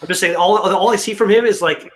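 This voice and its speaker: A man with a fairly high-pitched voice joins a casual livestream. He rambles through his stories, repeating himself and stumbling over his words. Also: brisk, a little hiss or hum. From Canada. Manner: rambling, stammering storyteller.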